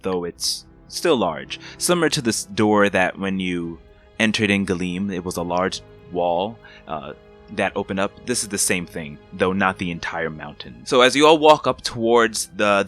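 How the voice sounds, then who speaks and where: A man's voice: sits low, fairly bright tone. A man narrating a tabletop game as game master, describing scenes loosely with many fillers.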